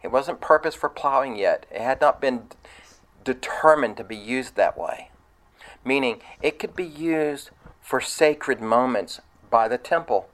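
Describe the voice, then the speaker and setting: Male preacher, mid-pitched, plain delivery, verse-by-verse sermon that sometimes builds to loud excitement. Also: a little slow, rough recording. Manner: conversational, rising to loud excited retelling.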